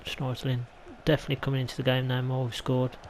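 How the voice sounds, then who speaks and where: A man's voice: mid-range voice, completely flat delivery, quick pace, slight background noise, poor audio. A man from England chatting casually as he commentates his own football video game play, rambling into side remarks. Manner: chatty, rambling, mild asides. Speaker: gaming YouTuber.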